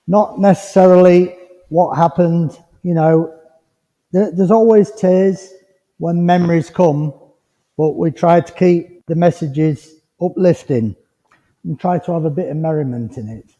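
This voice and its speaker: Chatty medium in an echoing hall. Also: male voice, on the high side, a little slow. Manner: chatty, rambling, gently reassuring. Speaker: spiritualist medium. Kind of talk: mediumship demonstration to a congregation. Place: village hall. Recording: dull lo-fi recording with long hall reverb.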